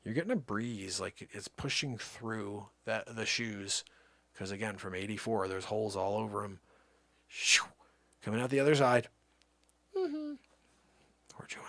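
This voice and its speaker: A man hosting a comedic live show, bantering and joking in an animated, over-the-top way, pleading and rambling on a pretend call. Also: fairly low pitch, measured pace, long pauses, dry recording. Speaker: livestream host.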